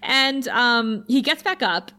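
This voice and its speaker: A woman co-hosting a casual recap chat, her voice sitting fairly high. She laughs often, sounds exasperated with the story, and swears casually. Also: lively intonation, takes it slowly, sharp tone. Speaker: podcast co-host.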